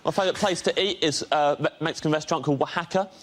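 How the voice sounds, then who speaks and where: A man's voice: a little high, fast talker. A man doing a stand-up bit on a panel show with a wry, offhand delivery. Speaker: comedian. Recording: studio audience noise behind.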